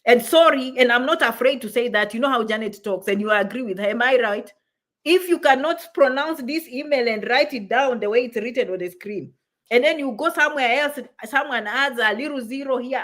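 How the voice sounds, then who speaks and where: On her livestream, a woman who advises on immigration visas reads viewer comments and answers emphatically, often checking "okay?". She talks a little fast in a fairly high, fairly bright voice through a livestream mic setup.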